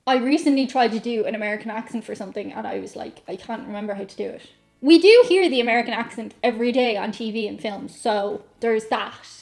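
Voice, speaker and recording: An Irish-accented woman vlogs to camera in a playful, comedic chat, reading aloud, riffing, and poking fun at herself. She talks fast in a fairly high, creaky voice with a darkish tone and hardly any pauses, while soft music plays in the background.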